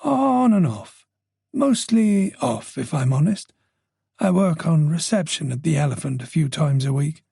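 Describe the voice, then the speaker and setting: Guy doing a nosy older irish lady, faint dublin lilt, chatty, husky gravelly edge. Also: a little high, expressive, warm tone, no room sound, clean studio sound, exaggerated voice. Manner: gossipy, teasing, talks on quickly. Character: chatty, observant older woman neighbour.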